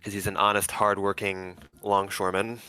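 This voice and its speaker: A man's voice: fairly low pitch, little pitch movement, normal speed, bright, forceful tone, clean tone, faint music behind. A man playing a tabletop game, making wry jokes about the party. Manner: wry, joking. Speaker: player. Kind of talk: casual tabletop play.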